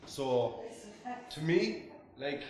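A man's voice: fairly high pitch, lively intonation, extremely slow, a crowd in the background. Laid-back Irish man in a roomy space. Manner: laid-back, swears freely, laughs often. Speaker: podcast guest, food reviewer. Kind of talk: casual chat.

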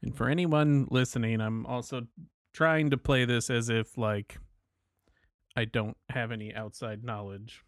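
A man's voice: medium pitch, steady tone, a little slow, dry recording, clean studio sound. Casual male tabletop player. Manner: casual, hesitant, many fillers.

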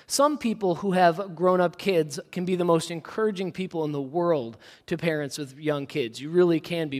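A man in his thirties delivers a sermon in an easygoing, self-deprecating way, full of personal stories and casual asides. His voice sits fairly high for a man. The sound carries the long reverb of a large church hall. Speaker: pastor.

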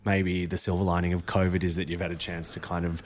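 Man, podcast guest, a bit low-pitched, easygoing and teasing, casual garage chat. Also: little pitch movement, quick pace, slight background noise. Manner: laid-back, teasing. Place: home garage.

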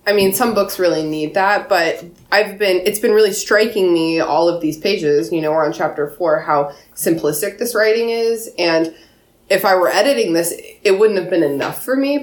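Thoughtful low-voiced woman, echoey room. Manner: thoughtful, measured, with fillers. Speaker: book editor, podcast co-host. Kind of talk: casual book discussion. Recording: roomy echo.

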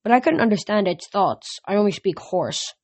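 A woman's voice: mid-range voice, expressive, moderate pace, darkish tone, slightly rough. A woman reading a first-person novel aloud, unpolished, often restarting and correcting words. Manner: unpolished, frequent restarts and slips.

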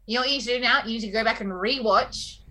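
A woman's voice: fairly high pitch, rapid-fire, crowd noise. A woman, co-hosting a podcast in casual chat and teasing her co-host playfully.

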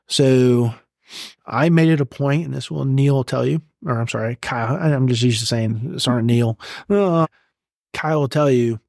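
A man's voice: mid-range voice, vocal fry, darkish tone, no room sound, studio quality. A middle-aged American man, a retired senior soldier, telling his story bluntly and with plenty of swearing in an interview. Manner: blunt and profane, emotional retelling. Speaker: guest, retired command sergeant major.

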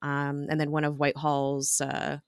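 A woman's voice: sits low, completely flat delivery, moderate pace, smooth, no room sound, clean studio sound. A woman co-hosting a podcast, recapping a TV episode in casual chat, with many ums and frequent laughs.

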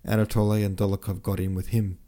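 For his podcast, the host narrates a classic novel in a calm, measured way. The voice is deep and mellow, never rushing, and holds an even tone.

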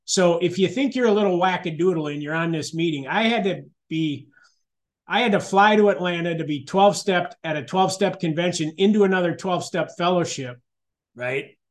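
A man's voice: high voice, brisk. A middle-aged man sharing his personal recovery story at a support meeting, candid and conversational, with frequent restarts and asides.

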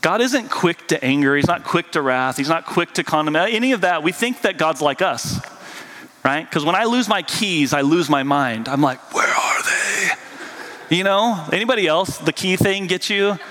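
A man's voice: a little high, lively intonation, normal speed, pushed and bright. A man preaching a casual, conversational sermon in a church, chatty and full of "like" and "right?". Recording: long hall reverb.

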